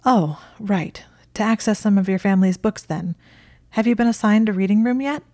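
A prim young witch, earnest and flustered, firing off baffled questions, as a woman reading aloud acts her out. Her voice sits a little higher than the narration, still warm and mellow, recorded close and dry. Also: moderate pace, no echo, close to an everyday voice. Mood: startled.

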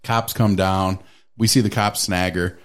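Animated storytelling man. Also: deep voice, measured pace, clear, resonant tone. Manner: animated, swearing, acts out voices in quotes. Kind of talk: casual storytelling chat.

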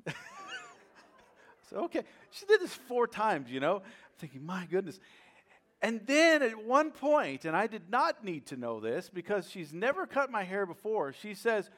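Animated male pastor telling a story. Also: a little high, normal speed. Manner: storytelling, animated, with self-deprecating humor. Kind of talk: sermon.

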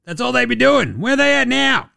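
A man doing a high, shrill impression of a basketball coach complaining about the referees. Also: animated, moderate pace, gravelly, bright, forceful tone, no echo, clean studio sound, exaggerated voice. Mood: indignant. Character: indignant male basketball coach ranting at referees.

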